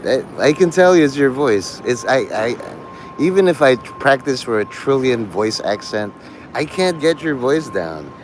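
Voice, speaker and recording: A man's voice: mid-range voice, sing-song, a little slow, a little hiss or hum. A man hosting a casual livestream, rambling, laughing often and swearing freely. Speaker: livestream host.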